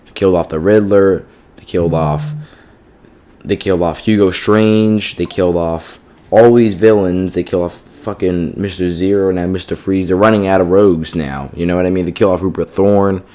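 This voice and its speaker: Deep-voiced man ranting casually. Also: steady tone, moderate pace, warm tone. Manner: profane and exasperated, heavy use of "like" and "you know what I mean". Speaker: TV show reviewer.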